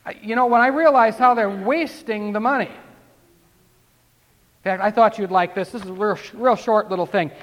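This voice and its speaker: A man's voice: sits high, moderate pace, fairly bright tone, big-room sound. A man preaching a sermon, talking conversationally and then building to emphatic declarations. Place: church.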